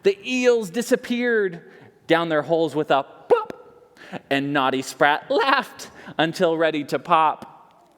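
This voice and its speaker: Man, children's story time reader, playful, asks questions, high voice, very lively, long reverb in a big library room. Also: slow pace. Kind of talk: reading a picture book aloud to children.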